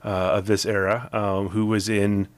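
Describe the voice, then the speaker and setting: A man chatting as a guest in a casual interview, talking in halting bursts with many restarts and repeated words. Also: lowish voice, little pitch movement, dry recording. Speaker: guest, film event organizer. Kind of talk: casual radio interview chat.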